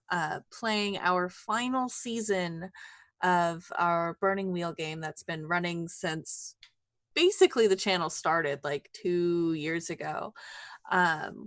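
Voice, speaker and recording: A woman's voice: lowish voice, a bit bright, no echo. Hesitant woman with many ums. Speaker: tabletop game player. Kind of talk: casual chat.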